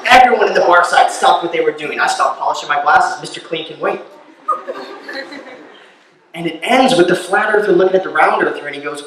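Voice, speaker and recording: A man telling stand-up stories with a voice on the higher side. He builds his bits into loud, incredulous rants. He is heard from a little off-mic in a very echoey live room. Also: moderate pace, recorded from a distance, slight background noise. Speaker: stand-up comedian. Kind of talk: stand-up comedy set. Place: live comedy venue.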